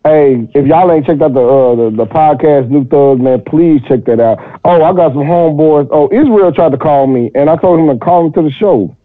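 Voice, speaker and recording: A man from Texas, calling into a podcast and telling stories in a crude, joking, animated way. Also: on the high side, fairly quick, hardly any pauses, dry recording. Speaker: podcast caller. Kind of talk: casual call-in podcast chat. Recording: tinny phone line, dry.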